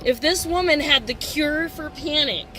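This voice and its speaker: A woman caller ranting agitatedly about a bad appointment, talking fast when upset and complaining. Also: high-pitched, over loud music. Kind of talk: rambling personal rant.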